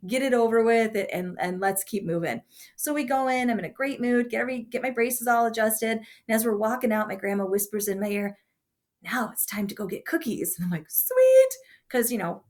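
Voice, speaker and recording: A woman teacher giving a classroom writing lesson and telling a chatty story from her own childhood. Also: on the high side. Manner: chatty storyteller with warm asides.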